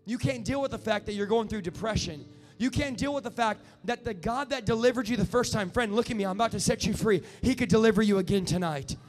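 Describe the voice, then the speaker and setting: An impassioned male preacher with a very high voice, his words ringing out through a big echoing hall. Faint music plays underneath as he presses and climbs toward shouts. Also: fast talker. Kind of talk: sermon.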